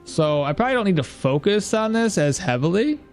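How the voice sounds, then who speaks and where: Male streamer, slightly high voice, loose rambling game commentary, reacts to chat, soft music under. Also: sing-song, a little fast. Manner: rambling, thinks aloud, laughs at chat. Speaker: gameplay streamer. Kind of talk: casual gameplay commentary.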